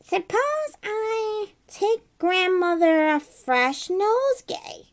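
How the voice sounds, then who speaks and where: A woman voicing a naive little girl in a storybook, high and sing-song. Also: lively intonation, slow pace, exaggerated voice. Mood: innocent. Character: naive little girl, Little Red Riding Hood.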